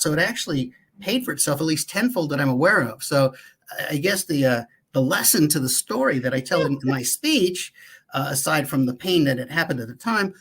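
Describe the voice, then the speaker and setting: A man guesting on an interview, talking through a story at an easy, reflective pace. His voice is husky and slightly breathy. He pauses on fillers while he thinks. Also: on the high side, fairly bright tone. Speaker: guest, professional speaker. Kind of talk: casual interview chat.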